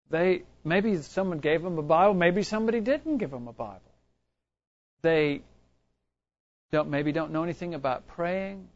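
High-voiced man preaching, lo-fi. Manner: conversational storytelling with frequent restarts. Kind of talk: sermon. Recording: dull lo-fi recording.

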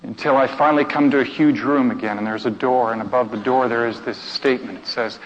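Theatrical preacher in an echoing hall. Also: male voice, medium pitch, steady tone, fast, hardly any pauses. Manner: emotive, theatrical, with hushed passages and shouted outbursts. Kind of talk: dramatic storytelling sermon. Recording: dull sound with long hall reverb.

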